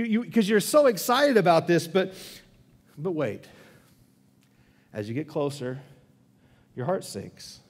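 A man preaching a sermon as pastor, telling a story conversationally and often restarting his phrases. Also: a little high. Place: church sanctuary. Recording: long church hall reverb.

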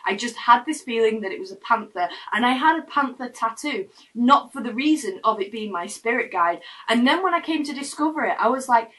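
A woman's voice: a little high, expressive, a little fast, few pauses, fairly bright tone, recorded from a distance, poor audio. A young woman telling a personal story to camera in her room, in a chatty, rambling way with frequent restarts. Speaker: vlogger. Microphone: camera mic.

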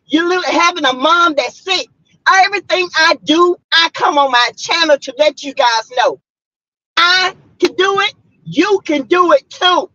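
Woman, from South Carolina, vlogger, fiery preachy rant, high lively voice, in her car, dull lo-fi sound. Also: unhurried, no echo. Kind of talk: heated rant to viewers.

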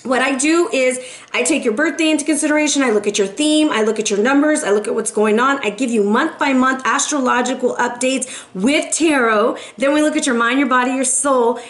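A woman's voice: high voice, brisk. A woman giving a casual tarot reading in a chatty, emphatic way, often asking "right?". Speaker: tarot reader. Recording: roomy echo with faint noise.

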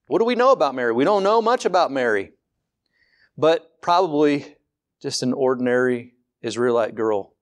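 A male pastor preaching in a candid, conversational way. His voice sits at an ordinary pitch, neither high nor low. He repeats words as he goes, slows down to stress key points and asks rhetorical questions in a rising voice. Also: expressive. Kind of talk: sermon.

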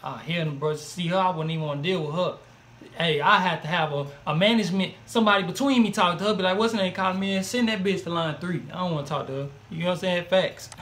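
A man's voice: sits high, fast, fairly bright tone. A man co-hosting a gossip commentary, reacting in casual slang. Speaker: co-host.

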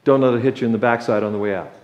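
A man's voice: medium pitch, rapid-fire, dull audio, voice pushed down, close to an everyday voice. A man voicing God as a commanding ruler with dry, sarcastic challenges. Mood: challenging. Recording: echoey church sanctuary.

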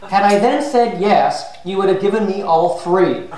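A man's voice: high-pitched, moderate pace, crowd noise, natural voice. A man voicing a sly middle-aged seamstress who talks her way out of a lie, heard far off in a very echoey hall with an audience behind. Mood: sheepish. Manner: telling a joke, playful. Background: audience laughing.

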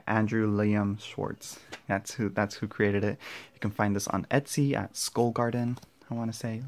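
A young man with a lowish, creaky voice unboxes a tarot card deck in a room at home for his casual vlog. He gushes excitedly but keeps dropping to a whisper so his nearby family won't hear.

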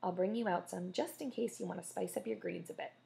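A woman voicing a loud, bossy and affectionate mother who runs a restaurant, speaking emphatically. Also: mid-range voice, fast, creaky. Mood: bossy warm. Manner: commanding, emphatic.

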